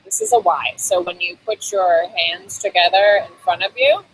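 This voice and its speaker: A woman's voice: fairly low pitch, sing-song, moderate pace, a little hiss or hum, poor audio. A woman hosting a casual on-camera lesson on basic phrases, chatty, with frequent ums and laughs between phrases. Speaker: host teaching basic Thai phrases. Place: Bangkok.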